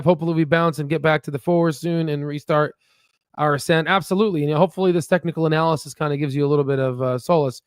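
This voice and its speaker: A man's voice: a little high, fairly even intonation, fast. A man with a somewhat raised voice talks casually over stock charts. He rambles, repeats words, and leans on "you know" and "right?" as he pushes his viewers. The sound is dry, with no room echo. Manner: pushy motivational tone. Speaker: stock market YouTuber. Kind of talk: casual stock analysis commentary.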